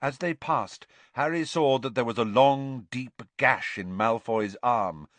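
A man reading a novel aloud as an audiobook narrator, with expressive storytelling on a close studio mic. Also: mid-range voice, a little slow, no echo.

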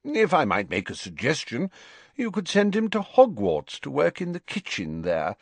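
A man voicing an elderly male headmaster who speaks in a measured, formal, gently amused way. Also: a little high, wildly swooping pitch, vocal fry, no echo, pitched above the performer's own voice, full character voice. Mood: calm. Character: elderly male headmaster, calm, courteous and wry.

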